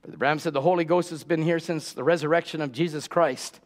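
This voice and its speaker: High-voiced preacher man, urgent and exhorting. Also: steady tone, fast. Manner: urgent, repeats key words for emphasis; rhetorical questions, exhorting the congregation as saints. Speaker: pastor. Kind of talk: sermon.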